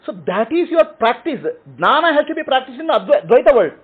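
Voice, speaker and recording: A man's voice: extremely high pitch, animated, fast, breathy edge. A man teaching and answering questions, explaining in short repeated phrases and checking in with "okay?". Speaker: spiritual teacher. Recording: tinny phone-like audio.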